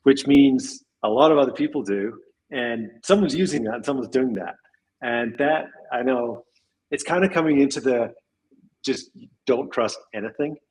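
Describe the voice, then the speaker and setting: In poor audio, a man with a mid-range, slightly mellow voice and a breathy edge talks at a moderate pace. He's a tech company leader chatting casually as an interview guest, musing aloud, rambling, restarting, and letting out small laughs.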